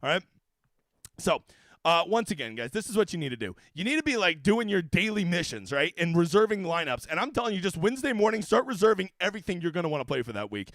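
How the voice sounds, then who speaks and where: A man's voice: high voice, sing-song, fast talker, a bit bright, dry recording. A man hosting a fantasy golf livestream in a casual, profane, ranting way, with brash jokes aimed at his viewers. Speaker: daily fantasy golf streamer.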